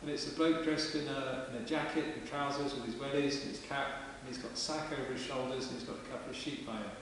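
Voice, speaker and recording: A man's voice: medium pitch, fairly even intonation, quick pace, a bit bright. A man preaching a sermon in a parish church, in a chatty, plain-spoken way. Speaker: vicar. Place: large stone parish church. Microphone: distant camera mic. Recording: echoey church from far off with hiss.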